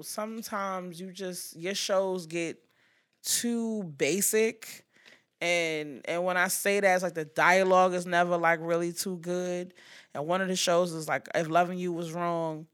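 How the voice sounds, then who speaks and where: A woman hosting a podcast in casual pop-culture chat, blunt and profane, acting out quotes with animated asides. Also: lowish voice. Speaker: podcast host.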